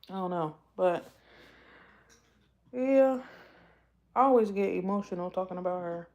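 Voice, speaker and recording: A woman vlogger in emotional casual talk, halting and tearful, often repeating herself as she speaks. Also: on the low side, a little mellow. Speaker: vlogger host.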